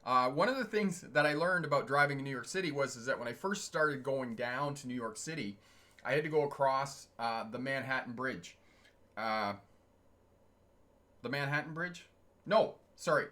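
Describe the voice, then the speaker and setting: A man's voice: medium pitch, pushed and bright. A middle-aged man and channel host telling trucking stories in a casual livestream, chatty and digressive, chuckling often and answering chat comments.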